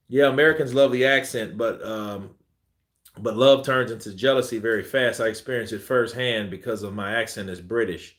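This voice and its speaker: A man hosting a boxing live stream, reading viewer comments in a loose, joking way and laughing often. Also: medium pitch. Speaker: boxing channel host. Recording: roomy echo.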